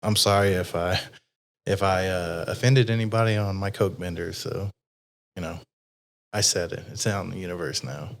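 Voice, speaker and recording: A man talking in a low, even, unvaried voice. He hosts a casual interview chat, rambling through his thoughts with fillers and frequent swearing. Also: normal speed. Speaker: podcast host.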